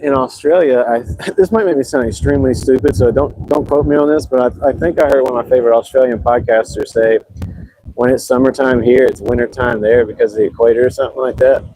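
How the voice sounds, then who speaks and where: A man livestreams from an ocean beach, talking loosely and with easy self-deprecation. His voice is mellow and dark, at a medium pitch. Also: fast talker, a little hiss or hum, rough recording. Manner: chatty, rambling and self-deprecating. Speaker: livestream host. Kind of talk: casual livestream chat.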